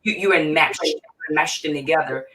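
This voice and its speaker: A middle-aged woman speaks with a forceful, impassioned edge, stressing and repeating her points. She sits some way from the microphone on a video call, with a faint hiss underneath. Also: sits low, moderate pace. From Virginia, USA. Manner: emphatic, repetitive, impassioned. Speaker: guest, mental health therapist. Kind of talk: emotional interview talk. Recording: distant mic with faint noise.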